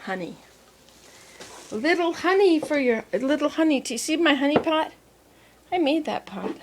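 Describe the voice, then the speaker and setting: A woman's voice: high-pitched, animated, moderate pace, background noise. A woman vlogging casually from home and garden, chatting in a meandering way to the camera and to herself. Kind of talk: casual rambling vlog.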